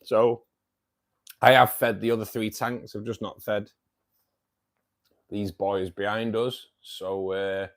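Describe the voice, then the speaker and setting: A man's voice: fairly low pitch, level tone, slow pace, pauses often. A man hosts a casual fishkeeping live stream from home, rambling and bantering with viewers as he greets them. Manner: rambling, chatty, joking banter with many fillers. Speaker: livestream host of a fishkeeping club. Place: at home beside his fish tanks.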